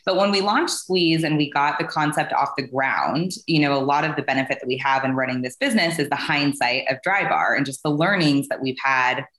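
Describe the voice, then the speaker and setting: A woman's voice: very deep voice, a little fast, few pauses, a bit bright, roomy sound. A woman from California, a company CEO, chatting as a podcast guest in a rambling way with many fillers. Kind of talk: casual interview chat.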